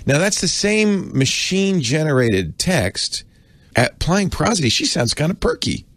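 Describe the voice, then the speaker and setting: A man's voice: a little high, big pitch swings, unhurried, fairly bright tone, no room sound. A middle-aged man, co-hosting a podcast in a chatty, self-correcting way with laughing asides. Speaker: podcast co-host. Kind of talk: casual explaining chat.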